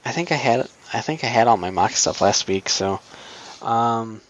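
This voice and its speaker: A man's voice: medium pitch, lively intonation, normal speed, slight background noise. A young man co-hosting a casual podcast, talking in a rambling, hesitant way with plenty of ums and wry, sarcastic asides. His voice sits in a middle range. The recording sounds dull and lo-fi. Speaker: podcast co-host. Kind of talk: casual chat. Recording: dull lo-fi audio.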